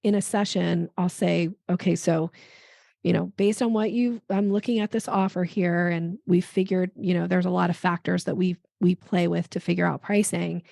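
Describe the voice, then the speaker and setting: Female podcast guest, gravelly texture, lively and chatty, plays out quick dialogue bits. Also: lowish voice, no room sound, studio quality. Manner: animated, acts out dialogue in quick voices. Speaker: podcast guest, sales expert. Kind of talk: conversational interview.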